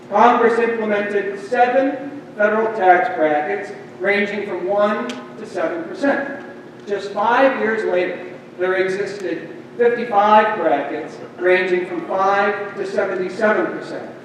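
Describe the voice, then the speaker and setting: A man reading a prepared speech at a town hall meeting with a formal, measured delivery. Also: high voice, a little hiss or hum. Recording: echoey hall, distant mic.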